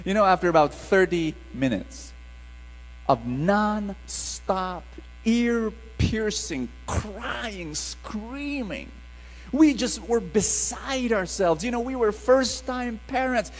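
A middle-aged man, preaching a sermon in an animated call-and-response style. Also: high voice, slow pace, in a large hall, a little hiss or hum, low-quality recording.

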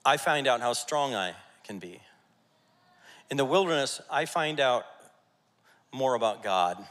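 A man preaching a sermon as pastor, energetic and jokey, rallying his congregation. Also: mid-range voice. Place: church sanctuary. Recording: church hall reverb.

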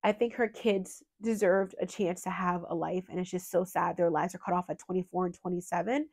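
A woman's voice: lowish voice, steady tone, brisk, a little mellow. A woman hosting a true crime channel, talking earnestly and with emotion, at times holding back tears and rambling with fillers.

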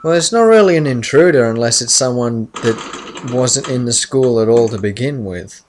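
A man casually commenting on his own gameplay, rambling and muttering softly while he concentrates. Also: medium pitch, lively intonation, normal speed, a little hiss or hum. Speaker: let's play commentator.

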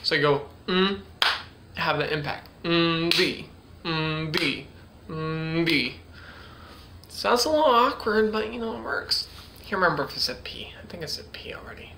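A man's voice: sits high, big pitch swings, brisk, vocal fry, background noise. A man casually teaching ventriloquism, hesitant and full of fillers as he demonstrates letter sounds. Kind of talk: casual tutorial.

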